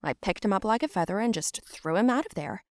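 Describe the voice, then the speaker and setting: A woman's voice: medium pitch, expressive, a little fast, no room sound. Brief: young female narrator, matter-of-fact storybook read, dry close mic. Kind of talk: scripted first-person storybook narration.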